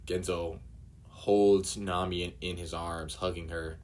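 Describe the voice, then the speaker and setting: Slow low-voiced man reading a comic aloud. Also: level tone. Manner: halting, with emotional asides. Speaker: streamer.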